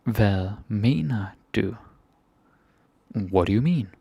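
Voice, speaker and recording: A man with a Danish accent teaching phrases in a casual lesson, repeating each phrase slowly before explaining it. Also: on the low side, animated, vocal fry, warm tone, slightly rough, dry recording, muffled recording. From Denmark. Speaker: language teacher.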